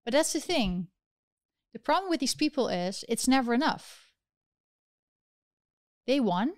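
Female livestream host, impassioned, rhetorical, higher-pitched, dry close sound. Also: big pitch swings, measured pace, darkish tone, dry recording. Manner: impassioned, fires rhetorical questions. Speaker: political commentary host. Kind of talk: livestream commentary reading chat.

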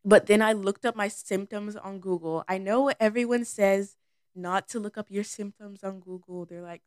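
A woman's voice: mid-range voice, normal speed, no echo, studio quality. A teenage girl hosting her own episode, talking casually and rambling with lots of "like" and "um". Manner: chatty and rambling, many "like"s and "um"s. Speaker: podcast host. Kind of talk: casual personal monologue.

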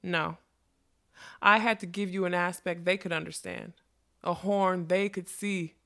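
Woman reading as an old carnival witch, sweet smoky voice, mocking, lowish pitch. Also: steady tone, measured pace, creaky, bright, forceful tone, exaggerated voice. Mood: gloating. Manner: mocking, snarling when crossed. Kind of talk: storybook reading.

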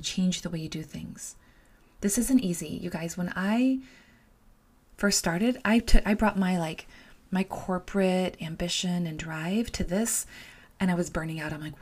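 Woman in her 40s, podcast host, breathy mid-pitched voice, blunt motivational delivery, swears, repeats key points. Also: darkish tone. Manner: blunt, swears freely, emphatic repetition. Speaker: podcast host and life coach. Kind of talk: solo motivational podcast talk.

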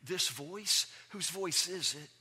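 A man's voice: high voice, slow, bright, forceful tone, breathy edge, big-room sound, pitched above the performer's own voice, exaggerated voice. A man voicing a patient, earnest father counseling his son and repeating words for emphasis.

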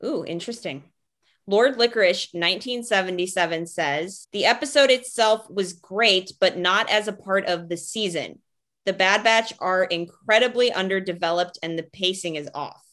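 A woman's voice: medium pitch, normal speed, fairly bright tone. A young woman co-hosting a casual chat, giggly and gushing as she reads out viewer comments. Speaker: podcast co-host.

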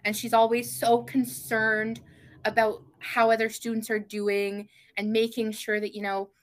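A young woman guesting on a podcast, telling family stories in casual chat with lively gasps. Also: fairly high pitch, measured pace. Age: young adult. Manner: animated storyteller, gasps and mimics family voices.

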